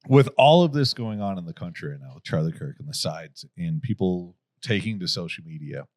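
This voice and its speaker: Male co-host, low calm voice, short low-key remarks, dry close sound. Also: a little fast, no echo. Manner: brief, low-key replies. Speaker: podcast co-host. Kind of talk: casual chat.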